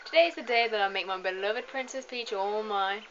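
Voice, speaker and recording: A boastful, bossy villain king of a video game, read out by a woman in a bright, forceful voice with little change from her own. The recording is slightly dull and lo-fi. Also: mid-range voice, a little fast, a little hiss or hum, natural voice. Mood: gloating.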